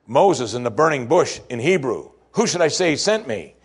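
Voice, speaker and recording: Husky-voiced preacher with lively delivery. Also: male voice, medium pitch, normal speed. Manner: animated preaching, swinging from soft asides to loud exclamations. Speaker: pastor. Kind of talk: sermon.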